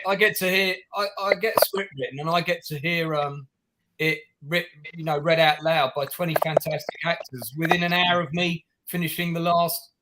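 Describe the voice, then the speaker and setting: A man's voice: on the high side, fairly even intonation, normal speed. A man who hosts the chat as a writer-director, speaking hesitantly with many restarts. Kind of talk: casual chat. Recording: noisy background.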